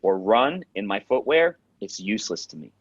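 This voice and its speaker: Lower-voiced New York man, blunt talker. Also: normal speed, breathy edge. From Queens, New York. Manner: direct, animated storyteller who swears. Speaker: actor, guest. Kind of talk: casual interview chat. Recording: dull lo-fi sound.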